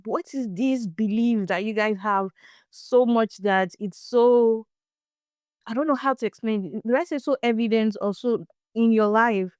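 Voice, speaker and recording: A woman's voice: a little high, measured pace, no room sound, clean studio sound. Young Nigerian woman hosting a podcast. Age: young adult. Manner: animated, laughs and restarts often. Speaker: podcast host. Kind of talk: casual storytelling chat.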